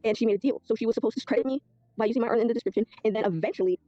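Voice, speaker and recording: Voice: mid-range voice, rapid-fire, dark tone, dry recording, dull audio. A video creator rambling through a dispute, reading old messages aloud. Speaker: video creator telling a story. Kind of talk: casual storytelling recap.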